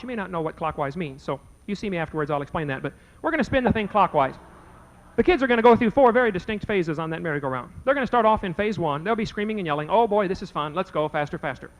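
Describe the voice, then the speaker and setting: A fast-talking man with an animated, high-pitched voice is heard over rough audio. Telling a folksy anecdote to a live debate audience, he plays both parts of the dialogue.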